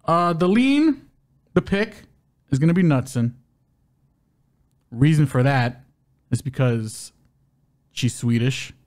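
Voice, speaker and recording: A man's voice: mid-range voice, expressive, slow pace, long pauses, a little mellow. A man co-hosting a podcast, previewing fights in a loose, joking way and stumbling over names. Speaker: co-host of a fight-betting podcast.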